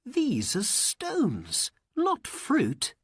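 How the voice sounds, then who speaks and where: Young boy, high and earnest, begging, breathy voice, storyteller voicing him. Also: huge pitch swings, slow pace, fairly bright tone, no echo, studio quality, heavily acted. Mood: frightened. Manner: high, pleading exclamations. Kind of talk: storybook reading.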